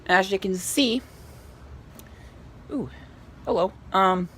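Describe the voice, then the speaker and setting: A woman's voice: medium pitch, takes it slowly, a bit bright, slight background noise. A woman hosting a casual tech vlog at home, talking around a lozenge in her mouth, rambling and hesitant with many ums and restarts as she walks between rooms. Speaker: tech vlogger. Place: in a house, walking between rooms.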